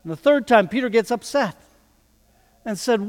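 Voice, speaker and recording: A man preaching a sermon, slow and deliberate, who acts out the quoted dialogue with rising intensity. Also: extremely high pitch, lively intonation, a little mellow, long reverb tail.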